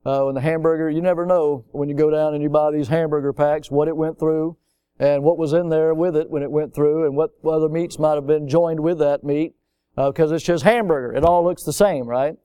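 Emphatic preaching man with a high voice. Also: steady tone, a little fast, smooth, dry recording. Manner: emphatic, repetitive preaching with swings from loud to hushed. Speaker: pastor. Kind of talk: sermon.

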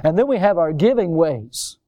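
A man's voice: fairly high pitch, expressive, normal speed, warm tone, no room sound, studio quality. A man pastor delivering a sermon in a folksy, emphatic way, drawing out stressed words.

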